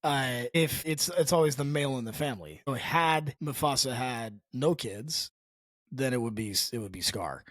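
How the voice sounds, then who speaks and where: A man's voice: mid-range voice, normal speed, fairly bright tone, no room sound. A man co-hosting a casual movie podcast, rambling with frequent restarts and chuckles mid-sentence. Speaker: podcast co-host.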